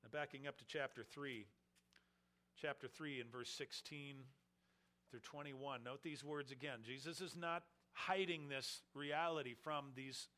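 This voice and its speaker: A man's voice: mid-range voice, a little slow. A man preaching an expository sermon, acting out the questioners' mocking lines as he explains the text. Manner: animated, acts out the questioners with mocking voices. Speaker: pastor.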